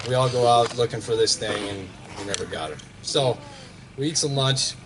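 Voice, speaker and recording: A man's voice: mid-range voice, normal speed. A man telling a story to a gathering in a plain, matter-of-fact way. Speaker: guest storyteller. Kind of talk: casual storytelling. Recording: noisy outdoor recording.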